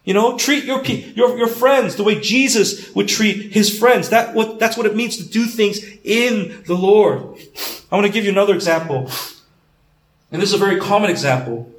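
Male pastor with a high voice, earnest preaching, roomy echo on the recording. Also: normal speed. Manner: earnest, repeats words, asks questions. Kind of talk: sermon. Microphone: camera.

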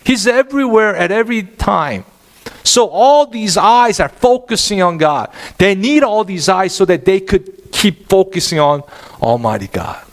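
Animated pastor preaching, man. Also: high voice, a little slow. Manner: animated, asks the congregation questions. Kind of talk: sermon.

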